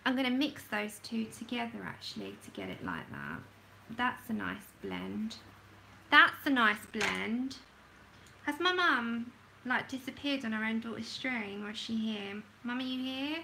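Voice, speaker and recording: Chatty woman with gravelly voice. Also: a little high, very animated, unhurried, bright, forceful tone, a little hiss or hum, low-quality recording. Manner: chatty, self-laughing, talks to herself while working. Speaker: livestream host swatching colour pencils. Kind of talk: casual livestream chat.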